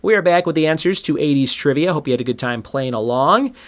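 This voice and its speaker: A man runs a solo trivia show with a slightly high voice. He reads out questions and answers in a relaxed, chatty way. He laughs at his own jokes as he goes. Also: quick pace. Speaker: trivia podcast host. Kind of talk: casual solo trivia podcast.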